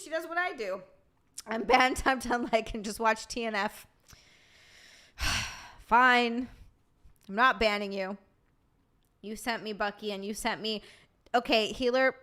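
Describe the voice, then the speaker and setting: A woman's voice: on the high side, measured pace, pauses often, pushed and bright. A woman streamer chatting casually with her live chat, bubbly and rambling, reading messages aloud.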